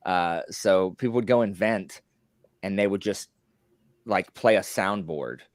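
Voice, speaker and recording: A man with a very low voice hosts a casual podcast, rambling and teasing his guests. His voice is close and dry, picked up by a computer mic at home. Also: a little slow, dry recording. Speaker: podcast host. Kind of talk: casual chat. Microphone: computer mic on a voice call.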